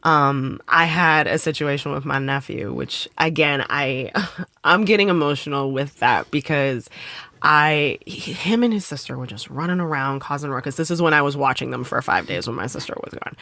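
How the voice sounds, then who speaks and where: A woman's voice: low-pitched, moderate pace, sharp tone, no room sound. A woman co-hosting a podcast in casual chat, talking candidly and freely with swearing and laughter. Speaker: podcast co-host.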